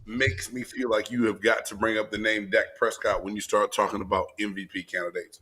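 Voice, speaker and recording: A man co-hosting a casual sports talk show, excitable and prone to shouting when worked up. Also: fairly low pitch, a little fast, breathy edge. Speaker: co-host.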